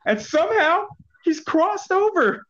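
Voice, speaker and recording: A man's voice: extremely high pitch, big pitch swings, unhurried, a bit bright. Laughing storyteller man, lo-fi sound. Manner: laughs often while telling stories. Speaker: podcast co-host. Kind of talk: casual storytelling chat.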